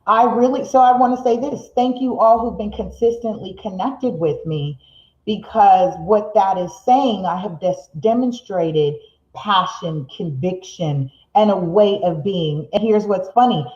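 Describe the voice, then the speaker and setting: Hosting a live motivational show, a middle-aged woman speaks at medium pitch while sitting in an indoor room. Her pace rises with excitement and drops when she wants to make a point, and she often laughs and reads viewers' comments aloud. The stream audio is roomy and somewhat dull.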